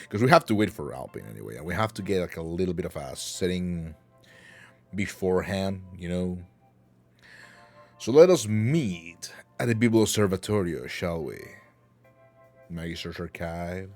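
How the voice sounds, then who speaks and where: A man's voice: low voice, a little mellow. A man hosting a livestream talk show, chatting casually and playfully with his chat, rambling and joking with mock anger.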